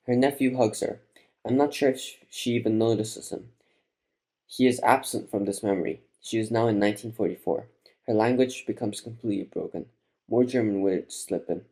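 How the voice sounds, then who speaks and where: A man reading an audiobook aloud in a measured, reflective first-person telling. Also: on the low side, dark tone. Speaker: audiobook narrator. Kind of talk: audiobook narration.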